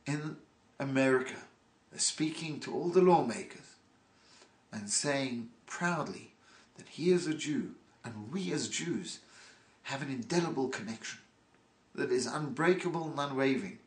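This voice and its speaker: A male rabbi giving a sermon, slow and emphatic with dramatic pauses. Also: medium pitch, reverberant.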